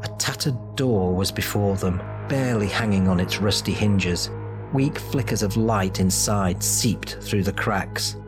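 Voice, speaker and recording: A man giving dramatic, measured narration of a fantasy audiobook. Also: lowish voice, over music.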